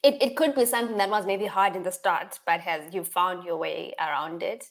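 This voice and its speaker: A woman hosting a conversation, asking curious questions and giving steady encouragement. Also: on the low side, moderate pace. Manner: attentive, encouraging backchannels. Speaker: podcast host. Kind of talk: interviewing.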